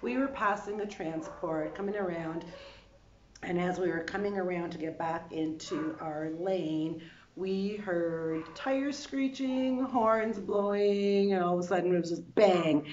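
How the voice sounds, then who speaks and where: Woman telling a travel story, lively asides. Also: fairly low pitch, highs cut off, noisy background. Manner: animated, restarts and quick asides. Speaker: travel vlogger. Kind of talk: casual storytelling.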